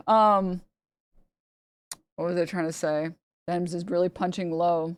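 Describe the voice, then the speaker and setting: A woman's voice: on the low side, steady tone, unhurried, long pauses, clear, resonant tone, no echo. A young woman streamer in casual commentary, rambling and sarcastic, often laughing and putting on mocking voices.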